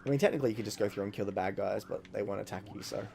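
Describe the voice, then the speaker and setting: Excitable swearing man gaming. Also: fairly low pitch, racing, creaky, slight background noise. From Australia. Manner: excitable, rambling, swears often. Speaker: gaming YouTuber. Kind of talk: casual let's-play commentary.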